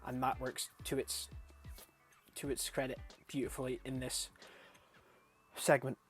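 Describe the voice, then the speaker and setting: A man's voice: mid-range voice, measured pace, husky, faint music behind. Rambling young man reviewing films. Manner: rambling, swears freely, gets animated and laughs when amused. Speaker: film reviewer. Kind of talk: casual film review vlog.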